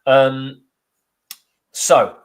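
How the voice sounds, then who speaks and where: A man co-hosting a live football fan show, chatting casually with dry, deadpan jokes and reading out viewer comments. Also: mid-range voice, very slow. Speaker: podcast co-host.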